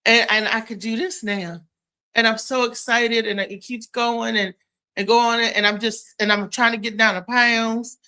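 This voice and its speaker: Woman host, casual live-stream chat, bright tone, somewhat high voice, animated, loud exclamations. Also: unhurried.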